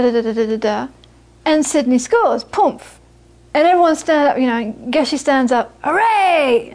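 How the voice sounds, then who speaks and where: A woman gives a relaxed Buddhist teaching in a high, light voice. She tells her stories in a chatty way, often restarting and repeating words. She sounds middle-aged. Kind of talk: informal dharma talk with anecdotes.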